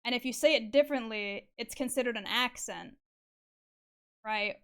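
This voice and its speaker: Young woman streamer, smooth voice, a bit high-pitched, chatty and sweary. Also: normal speed, a bit bright. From Canada. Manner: chatty, filler-heavy, swears, laughs often. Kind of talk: casual chat while drawing on stream.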